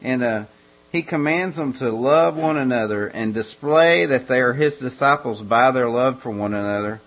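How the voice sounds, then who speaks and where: A man preaching a verse-by-verse sermon in a measured, repetitive way, often restarting his phrases. His voice sits at an ordinary middle pitch. The recording is dull and lo-fi, with a low mains hum running underneath. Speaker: pastor. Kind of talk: expository sermon.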